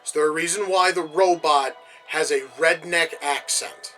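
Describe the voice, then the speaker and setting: A man talks through a film as he watches it, in a high voice with a sharp, bright edge. He rants and swears with casual exasperation. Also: steady tone, unhurried, soft background music, poor audio. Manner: profane, exasperated ranting asides. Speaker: movie reviewer. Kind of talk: casual reaction commentary.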